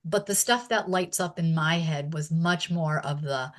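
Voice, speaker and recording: Female interview guest, slightly low pitch, relaxed anecdotal delivery with frequent laughter. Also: unhurried. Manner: chatty, laughs often while recalling stories. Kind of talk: casual reminiscing in an interview.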